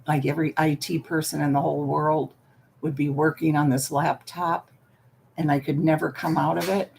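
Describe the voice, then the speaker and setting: A woman's voice: deep voice, level tone, moderate pace, gravelly, darkish tone, a little hiss or hum. An older woman chatting playfully on a livestream from home into a laptop microphone, greeting viewers by name. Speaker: livestream host. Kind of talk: casual livestream chat.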